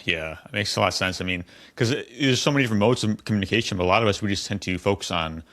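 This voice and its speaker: A man's voice: on the low side, very fast, a bit bright. A man hosting an interview, casual and agreeable, often checking in with "right?". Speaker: podcast host. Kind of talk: interview conversation.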